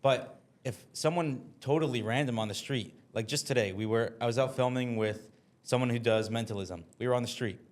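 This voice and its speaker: A man's voice: medium pitch, brisk. A man hosting a podcast, chatting casually and steering the conversation with his guest. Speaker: podcast host. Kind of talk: casual chat.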